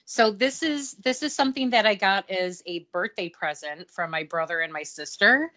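A woman's voice: mid-range voice, moderate pace, bright, forceful tone, highs cut off. A woman co-hosting a podcast, chatting casually and telling stories in a playful way. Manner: chatty storyteller, playful teasing. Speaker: podcast co-host. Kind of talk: casual chat.

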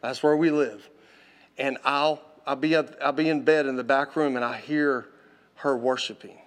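A man preaching a sermon, impassioned and exhorting, swinging from loud intensity to hushed tones. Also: medium pitch, steady tone, normal speed.

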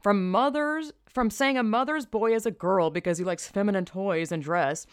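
A woman's voice: medium pitch, normal speed, smooth, dry recording, clean studio sound. Blunt, emphatic young woman podcaster. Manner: emphatic, blunt and profane, sighs and exclamations. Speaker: podcast host. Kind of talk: casual opinionated podcast commentary.

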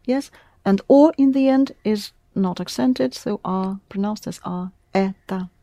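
A woman's voice: medium pitch, measured pace, mellow, no room sound, studio quality. A woman teaching a language class, patiently prompting her students with questions. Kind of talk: classroom lesson.

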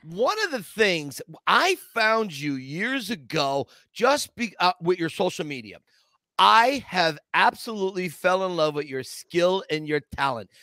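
Male co-host, excitable and gushing; very dry close sound, bright edge. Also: sits high, unhurried, dry recording. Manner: enthusiastic, effusive praise, stumbling restarts. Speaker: podcast co-host. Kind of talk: casual podcast chat.

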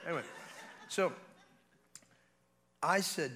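Bright-voiced preacher man telling a story. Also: medium pitch, normal speed, a little hiss or hum. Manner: animated, building from hushed to shouting. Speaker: guest preacher. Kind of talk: revival sermon storytelling.

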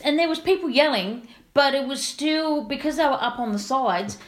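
A woman's voice: sits high, moderate pace, a little hiss or hum. Chatty woman talking footy. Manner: chatty, laughs often, rambling storyteller. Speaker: co-host. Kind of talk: casual sports chat.

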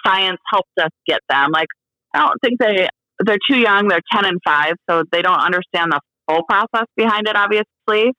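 Woman guest chatting openly, lots of um and like, bright voice, dry close sound. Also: mid-range voice, no echo, lo-fi sound. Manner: candid, halting, many fillers and restarts, laughs. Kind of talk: casual interview chat.

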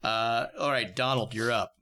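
Guy running a d&d session, relaxed storytelling, laughs easy. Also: mid-range voice, moderate pace. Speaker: game master. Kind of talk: narrating a tabletop game.

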